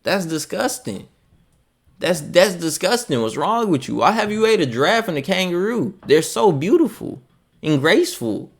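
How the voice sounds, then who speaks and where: A man streaming live, reacting to a video with profane, incredulous commentary that swings from loud outbursts to mumbled asides. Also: high-pitched, big pitch swings, moderate pace.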